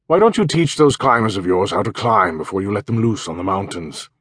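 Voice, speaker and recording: A man's voice: on the low side, animated, a little fast, a bit bright, husky, no echo, studio quality. A man voicing a good-natured young village constable with a teasing manner. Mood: friendly.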